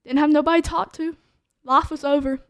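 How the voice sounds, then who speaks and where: A woman's voice: sits high, fairly even intonation, fairly quick, no echo, clean studio sound. A woman, a podcast co-host telling her testimony in a casual chat, full of "like" fillers.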